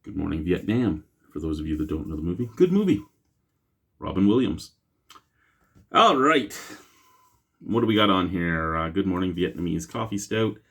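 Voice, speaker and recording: A deep-voiced man hosts his own beer review, talking in a low register. His delivery is chatty and rambling, full of self-mocking asides. His intonation swings up and down freely, and he is picked up by the camera's own mic. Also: lively intonation, moderate pace, long pauses, a bit bright. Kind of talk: casual solo review vlog. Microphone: camera mic, no lapel mic.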